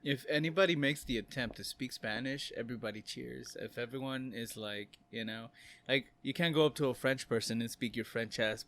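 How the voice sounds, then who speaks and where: A man's voice: medium pitch, brisk, fairly bright tone. A man co-hosting a casual podcast chat, laughing often and swearing offhandedly. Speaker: podcast co-host.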